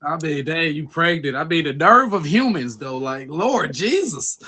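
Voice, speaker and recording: A man's voice: a little high, lively intonation, measured pace, bright, forceful tone, husky, soft background music. A man hosting a podcast, asking questions in loose, slangy casual talk with many restarts. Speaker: podcast host. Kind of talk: casual interview.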